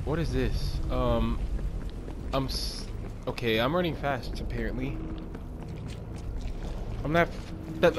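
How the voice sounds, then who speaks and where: A young gaming streamer plays a frightening zombie game, chatting nervously in a mid-range voice and shrieking or screaming when something startles him. He speaks at a measured pace with frequent pauses, and loud game audio makes the background noisy.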